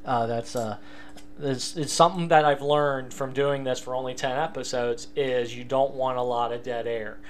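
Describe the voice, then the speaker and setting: A man's voice: mid-range voice, steady tone, moderate pace. A young man hosting a casual solo sports podcast, rambling and self-deprecating, with many fillers and restarts. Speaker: podcast host.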